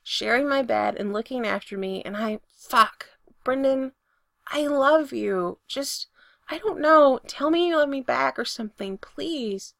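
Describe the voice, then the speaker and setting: Lady voicing a blunt, exasperated young guy, fairly high voice, dry close sound. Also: animated, measured pace, vocal fry, a bit bright, dry recording, heavily acted. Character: grumpy, earnest young man in love.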